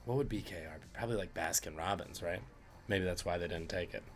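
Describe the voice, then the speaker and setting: Running a livestream trivia quiz over soft background music, this host jokes about the chat's guesses as he reads the questions aloud. He has a low voice and talks fast.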